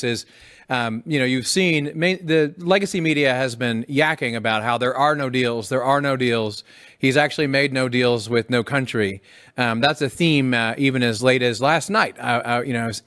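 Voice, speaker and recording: Talk show host guy asking long rambly questions, average pitch. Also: fairly bright tone. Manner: rambling, filler-heavy questioning.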